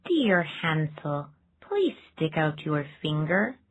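Storybook hag: shrill, wheedling old crone, strained timbre, a male narrator puts her on; lo-fi tinny audio. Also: big pitch swings, slow pace, full character voice. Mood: coaxing. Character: dreadful old hag, greedy and scolding. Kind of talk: storybook reading.

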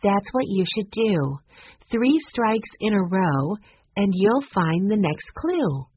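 A woman reading an audiobook, voicing a sensible, steady teenage girl. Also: mid-range voice, slow, highs cut off, slight background noise, voice pushed up. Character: sensible older teenage sister.

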